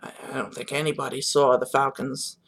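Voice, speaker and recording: A man's voice: medium pitch, level tone, a little fast, vocal fry, fairly bright tone. A young man vlogging his reaction to the games in a rambling, subdued, disappointed way, with many fillers and restarts. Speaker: sports vlogger. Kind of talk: casual reaction monologue.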